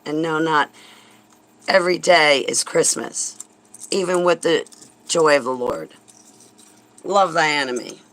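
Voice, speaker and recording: A woman's voice: deep voice, measured pace, pauses often, fairly bright tone, poor audio. A woman vlogger delivering a heated, sarcastic religious rant, indignant and swearing when angry.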